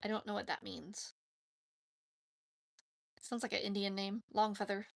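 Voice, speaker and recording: A woman hosting a casual question-and-answer chat, talking in a rambling, chatty way with lots of "like" and quick laughs. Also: mid-range voice, flat delivery, gravelly. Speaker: host answering viewer questions.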